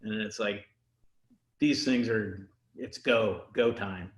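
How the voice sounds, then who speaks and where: A man's voice: fairly low pitch, fairly even intonation, slow, roomy sound, rough recording. A laid-back, easygoing man, a winery founder, telling stories in a casual video chat.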